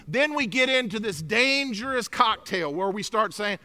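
A middle-aged male pastor preaching a sermon, emphatic and swinging from loud exclamations to hushed, grave lines. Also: high voice, lively intonation, a little fast, few pauses.

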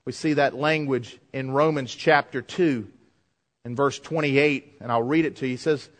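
A man preaching a sermon as a pastor, swinging between loud, high emphasis and low, quiet asides. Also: steady tone, moderate pace, big-room sound. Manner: preaching with swings in pitch and loudness.

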